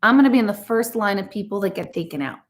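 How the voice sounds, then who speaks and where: A middle-aged woman hosting a live chat stream, talking casually to her viewers and slipping into quick mock voices. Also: mid-range voice, slight background noise. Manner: chatty and animated, does quick mock voices. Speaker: host of a live chat show.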